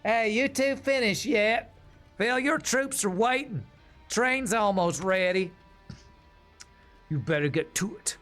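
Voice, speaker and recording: A bossy, spirited young train mechanic woman from a video game, as a man puts her on, lifted well above his usual pitch. She talks briskly in a put-on accent and keeps the crew moving. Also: lively intonation, faint music behind.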